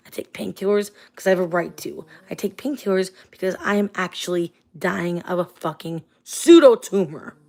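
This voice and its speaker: A woman's voice: lowish voice, lively intonation, normal speed, vocal fry, few pauses, dark tone. A woman ranting angrily and swearing on a late-night livestream, tired and venting, talking to a phone or webcam at home. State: tired, up at four in the morning.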